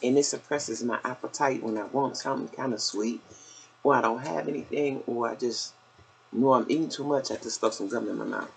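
A woman's voice: a bass voice, a little fast, creaky, a little hiss or hum, rough recording. An older woman vlogger chatting casually through a shopping haul, a little out of breath, calling her viewers y'all. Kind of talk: casual haul video chat.

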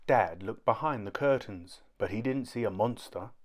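A man reading a children's storybook aloud in a clear, even narrating voice. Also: fairly low pitch, moderate pace. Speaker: storybook reader.

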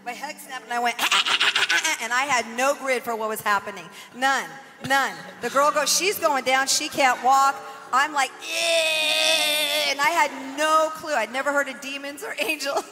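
A woman's voice: sits high, normal speed, hardly any pauses, bright, forceful tone, slight background noise. A woman giving an on-stage testimony, fervent and laughing, her words tumbling out breathlessly. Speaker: testimony giver. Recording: live hall with music behind.

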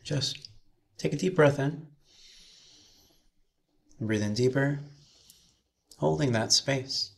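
A man minister leading a slow, soothing guided meditation with breathing cues, then speaking to a chapel congregation. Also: mid-range voice, gravelly.

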